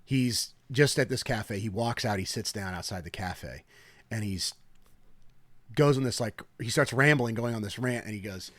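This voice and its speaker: A man's voice: lowish voice, moderate pace, no room sound. A young man co-hosting a podcast, telling stories in casual chat and acting out the people in them with big voices. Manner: animated storyteller, acts out quoted people loudly. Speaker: podcast co-host. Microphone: podcast mic at a table.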